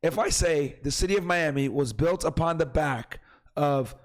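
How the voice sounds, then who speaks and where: Sex: man. Pitch: raised. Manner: emphatic, rhetorical. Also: moderate pace. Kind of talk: heated livestream debate.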